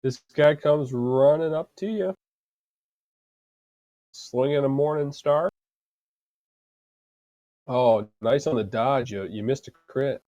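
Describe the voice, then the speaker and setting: Guy dm narrating the fight, mellow dark voice, dry close sound, lots of uhs. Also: mid-range voice, no echo, highs cut off. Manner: halting, full of fillers while describing. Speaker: dungeon master. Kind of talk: narrating a tabletop game.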